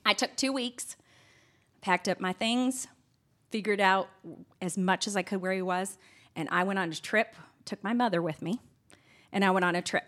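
A middle-aged woman, a guest in an interview, telling a personal story in an earnest, candid way and getting animated when she retells scenes. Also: medium pitch, normal speed.

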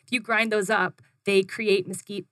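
A young woman with a bright, clear voice, recorded close in a dry space. She talks in a casual, chatty way, full of "like," and tells her story with lots of energy. When she quotes herself, her voice jumps higher. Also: normal speed, no echo. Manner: animated, acts out her own quotes in a higher voice, frequent "like". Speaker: guest, food business founder.

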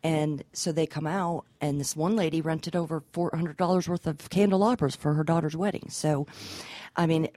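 Low-voiced woman with many ums. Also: fairly even intonation, normal speed, warm tone, no room sound. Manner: hesitant, many ums, businesslike. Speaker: event rental business guest. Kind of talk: radio interview chat. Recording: dry studio mic.

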